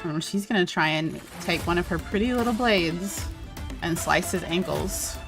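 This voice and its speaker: A woman's voice: fairly low pitch, normal speed, over music. Woman player thinking aloud at a tabletop game. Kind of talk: casual in-character planning at a tabletop game.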